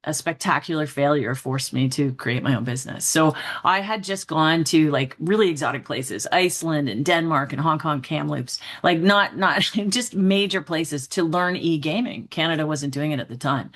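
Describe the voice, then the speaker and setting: A woman's voice: low voice, normal speed, few pauses. A middle-aged woman, a trainer and author, telling candid personal stories as an interview guest and acting out her own past thoughts as she goes. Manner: animated storyteller who acts out her own past thoughts; upbeat and candid, with frequent "like" and "right?". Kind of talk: casual interview storytelling.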